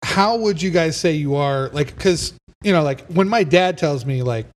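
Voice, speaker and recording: A man's voice: fairly high pitch, lively intonation, moderate pace. A man hosting a casual podcast chat, earnest and rambling, who works as a teacher.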